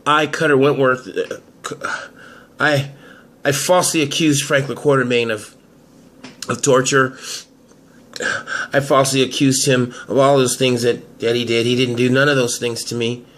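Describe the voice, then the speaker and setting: A man's voice: medium pitch, little pitch movement, moderate pace, pauses often, fairly bright tone, close to an everyday voice. A man voicing a panicky young man in an amateur soap drama who stammers and pleads. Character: panicky young man, a cornered liar, begging.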